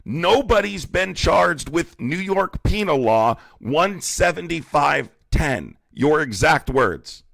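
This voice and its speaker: A man's voice: on the high side, expressive, takes it slowly, gravelly, few pauses, fairly bright tone, no room sound, studio quality. A man hosting a heated live-streamed debate, mocking and profane as he argues with callers. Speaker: livestream debate host.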